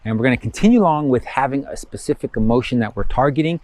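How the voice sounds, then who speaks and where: A man's voice: mid-range voice, fast, darkish tone. A man teaching a spiritual course in a casual, rambling way, acting out inner thoughts in quotes with lots of fillers. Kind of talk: casual spoken lesson.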